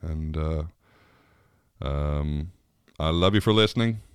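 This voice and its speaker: Deep-voiced man hosting a chatty podcast. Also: takes it slowly, smooth, no echo, clean studio sound. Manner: rambling, chatty, laughs often. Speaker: podcast host. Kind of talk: casual monologue.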